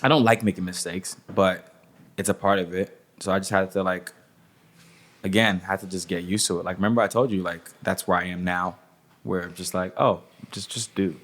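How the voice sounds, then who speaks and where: A man's voice: deep voice, fairly even intonation, fairly quick, a bit bright. A man talking casually as an interview guest, loose and profane, with lots of "like" and "you know.". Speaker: music industry guest.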